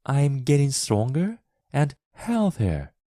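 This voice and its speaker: A man voicing a lonely, eager young girl in a storybook reading for English learners, with a high, pleading girlish voice. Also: wildly swooping pitch, slow, dark tone, no echo, studio quality.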